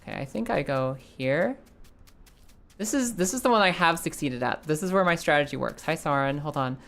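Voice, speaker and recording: A young woman with a slightly low voice narrates her own gameplay live, chatting to viewers and swearing freely. Her talk is loose and conversational. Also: animated, normal speed, a bit bright. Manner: chatty, swears, talks to her chat while playing. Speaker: streamer.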